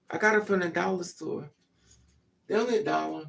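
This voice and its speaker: A woman's voice: on the low side, a little fast, vocal fry, pauses often, recorded from a distance. An older woman hosting a casual livestream, talking frankly, laughing often and greeting viewers by name. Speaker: livestream host.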